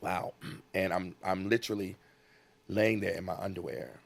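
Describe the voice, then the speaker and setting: Deep gravelly man telling his story. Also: moderate pace, dry recording. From United States. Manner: earnest, animated storyteller acting out quotes. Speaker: guest. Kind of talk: personal storytelling interview.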